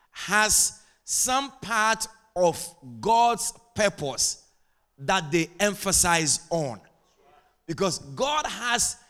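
High bright-voiced male preacher. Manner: conversational, builds to loud preaching with sing-song rises; asks the congregation for responses. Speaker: pastor. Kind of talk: sermon.

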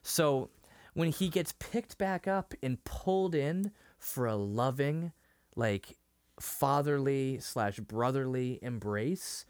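A man's voice: mid-range voice, slow, clean tone, dry recording. A man co-hosting a podcast, retelling a TV episode with feeling, full of fillers and restarts. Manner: emotional, animated retelling with many fillers and restarts. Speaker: podcast co-host. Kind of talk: casual discussion of a TV episode.

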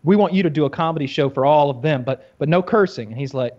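A man's voice: a little high, fast talker, a little mellow, muffled recording. Rambling, crude male podcast host. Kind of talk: casual podcast chat.

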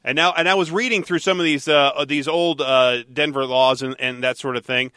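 A man hosting a talk radio show, chatting and teasing his co-host in a lively, animated way. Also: a little high, normal speed, smooth, no room sound, studio quality. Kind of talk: casual talk radio banter.

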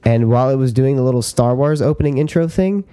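Male co-host, casual chat, mellow dark tone, swears freely, excitable storyteller. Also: medium pitch, quick pace. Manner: excitable, swears a lot, retells stories with quoted voices. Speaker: podcast co-host.

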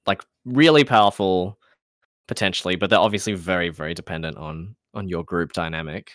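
A man co-hosting a podcast in casual chat, speaking in a measured, hedging way full of qualifiers. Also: sits low, fairly bright tone, no room sound, clean studio sound. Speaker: podcast co-host.

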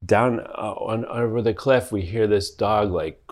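A man's voice: on the low side, measured pace, a little mellow. A laid-back man telling a rambling story. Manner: rambling, laughs often, lots of fillers. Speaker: podcast co-host. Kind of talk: casual storytelling chat.

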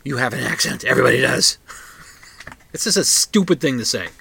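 A man with a bright, forceful voice hosts a talk show from a comic book shop. He wanders through his thoughts with plenty of ums and restarts, then works himself up into blunt, ranting asides. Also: medium pitch, lively intonation, normal speed, creaky, breathy edge. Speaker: radio show host. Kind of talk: casual monologue.

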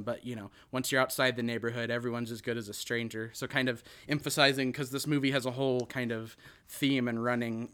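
A man hosts a laid-back podcast, working through a movie plot in loose, filler-packed sentences. His voice is smooth and clear, sitting at an ordinary middle pitch. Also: a bit bright. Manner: rambling, filler-heavy, often "you know" and "like". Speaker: podcast host. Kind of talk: casual chat recapping a movie.

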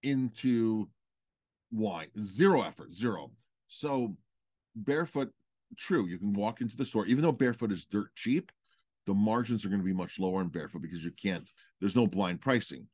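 A man's voice: on the low side, normal speed, dry recording. A man co-hosting a podcast about running restaurants, talking casually and repeating words for emphasis. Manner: animated storytelling, repeats for emphasis. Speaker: podcast co-host, restaurant owner. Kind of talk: casual chat.

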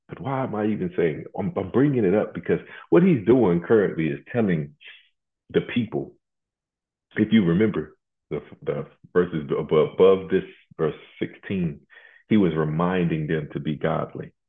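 A man with a very low voice delivering a sermon. He talks casually and haltingly, restarting and repeating words as he goes. The sound is thin and phone-like. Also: creaky. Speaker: preacher. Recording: tinny phone-like line.

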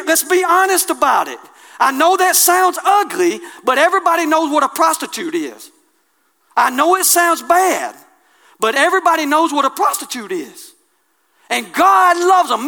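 Gravelly, animated preacher man. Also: very high voice. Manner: impassioned, colloquial, swings from hushed to loud. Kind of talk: sermon.

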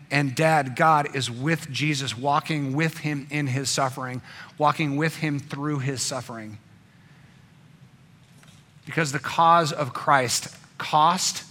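A man preaching a sermon with a bright, forceful tone that sits a little higher than most men's. His delivery swings between emphatic, pressing passages and quiet, hushed ones. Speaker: pastor.

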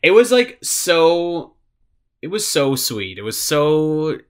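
A man's voice: fairly high pitch, takes it slowly. A man co-hosting a podcast, chatting casually and animatedly about a show, with lots of fillers. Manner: animated, rambling with many fillers. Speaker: podcast co-host. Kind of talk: casual chat reviewing a show.

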